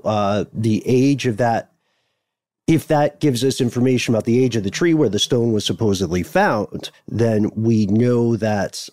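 A man co-hosting a podcast, telling a history story in a wry, digressive, casual way with many pauses. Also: mid-range voice, mellow, no echo, studio quality. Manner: wry, digressive, thinking aloud with fillers. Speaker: podcast co-host.

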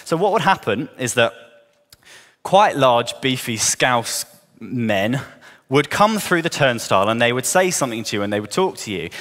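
A man with a southern English accent preaching a sermon, earnest, rising to emphatic questions and dropping soft. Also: medium pitch, in a large hall. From southern England. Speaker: pastor. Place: church hall.

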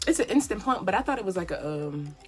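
A woman's voice: mid-range voice, very animated, quick pace. A young woman chatting casually as she does her makeup at home, slangy and encouraging, with faint music behind her. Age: young adult. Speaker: beauty vlogger. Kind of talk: casual get-ready-with-me chat. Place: home, indoors.

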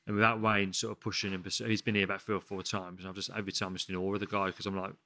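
A man in his thirties from the West Midlands, talking as a chef guest in a casual interview. He rattles along at a rapid clip in a lowish voice, swearing freely and calling everyone mate. The sound is close and dry. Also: level tone, pushed and bright, dry recording. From England, West Midlands.

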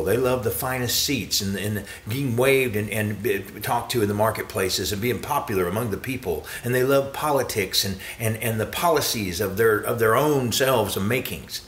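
A man preaching a sermon with emphatic repetition, often jumping to high exclamations. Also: a bit bright, echoey room.

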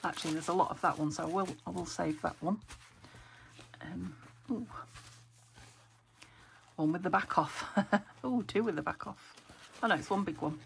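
An English woman, a craft vlogger, chats casually while sorting craft papers in her home craft room, thinking aloud and often slipping into a whisper to save her weak throat. Her voice is lowish and creaky at a moderate pace. The audio is poor, with paper crinkling and clicks in the background.

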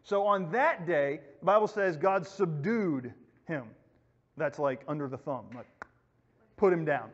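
A male youth pastor tells a Bible story in a casual way, acting out the voices of the people in it. His voice sits high. The recording is dull and lo-fi, with a long echo from a church room. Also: expressive, unhurried. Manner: casual, storytelling, acts out quotes. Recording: echoey hall, muffled lo-fi recording.

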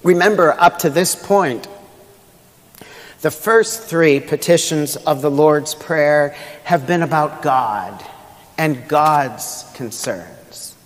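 A man's voice: a little high, slow pace. A male pastor preaching a sermon in a conversational, humorous way, asking the congregation rhetorical questions. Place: church sanctuary. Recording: long church hall reverb.

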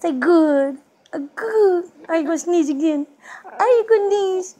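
A woman's voice: very high voice, normal speed, mellow. An older woman, a grandmother, coaxing her baby grandson in sing-song baby talk while filming him on her phone at home. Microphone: phone held while filming.

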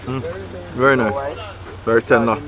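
A man with a mid-range voice tastes food on camera, exclaiming and humming as he describes each bite. He is outdoors at a riverside cookout. A loud crowd chatters behind him throughout. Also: medium pitch, level tone, moderate pace. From Jamaica. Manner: savoring, with frequent exclamations and hums. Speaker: food vlogger host. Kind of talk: food tasting commentary.

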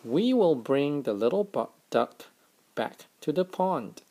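A father gently reading a picture book aloud to his young children, in a slow, expressive way. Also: a little high.

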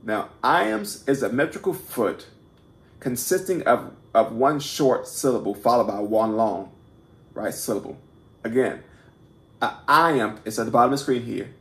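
A man's voice: mid-range voice, lively intonation, measured pace. A man hosting a casual poetry lesson, talking informally with many restarts and repeated words, and often checking in with "right?". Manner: self-deprecating and informal. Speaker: poetry teacher and host. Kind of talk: casual unscripted video lesson. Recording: echoey room.

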